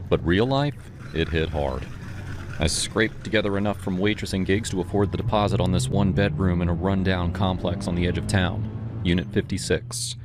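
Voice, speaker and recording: A man narrating a first-person horror story in a dramatic, scripted storytelling manner. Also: sits low. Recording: music bed under the voice. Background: music.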